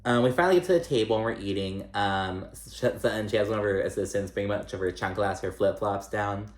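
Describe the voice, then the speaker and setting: A man's voice: fairly low pitch, quick pace, faint music behind. A man giving a casual, gossipy recap of a reality show, chatty and salty, with lots of "like" and "um". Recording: echoey room.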